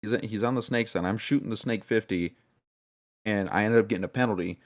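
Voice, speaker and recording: A man's voice: fairly low pitch, a little fast. A man chatting casually on a podcast, hesitant and trailing off with fillers. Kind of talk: casual chat.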